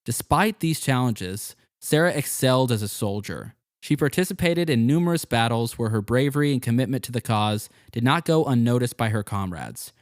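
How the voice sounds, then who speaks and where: A man's voice: medium pitch, animated, normal speed, few pauses, no echo, clean studio sound. A man hosting a casual history podcast, reading out narration and joking with his co-host. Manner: laughs easily, joking.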